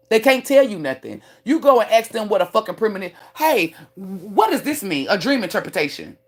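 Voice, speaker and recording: Woman, livestream rant, spiritual teacher, profane, boastful, preachy, mid-pitched. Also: fairly bright tone. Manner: preachy, lecturing tone.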